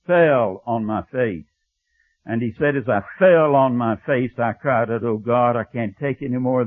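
A man preaching a sermon, telling a story and dropping to a hushed, low voice when he quotes. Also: no room sound. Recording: thin phone-like audio, dry.

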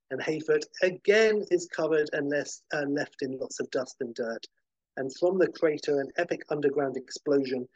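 A man hosting a podcast, narrating a film pitch vividly, with occasional fillers. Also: husky, no room sound, poor audio. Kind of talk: animated story pitch.

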